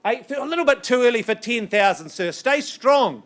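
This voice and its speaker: A man working as an auctioneer, calling bids in a brisk, coaxing patter with banter, his voice strained and getting worn. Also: extremely high pitch, expressive, a bit bright. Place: auction room.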